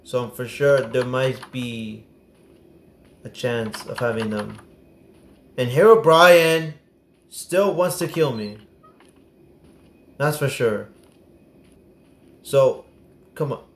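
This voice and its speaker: A young man commentating a horror game as he plays, excitable and prone to sudden yelps and swearing. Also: mid-range voice, slow, pauses often, reverberant, a little hiss or hum. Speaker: gaming streamer. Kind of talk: gameplay commentary.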